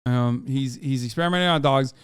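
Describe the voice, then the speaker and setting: A man's voice: mid-range voice, a little fast, clear, resonant tone, no echo, clean studio sound. A man hosting a stream, chatting casually and joking with many fillers. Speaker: streamer and host. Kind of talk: casual chat reacting on stream.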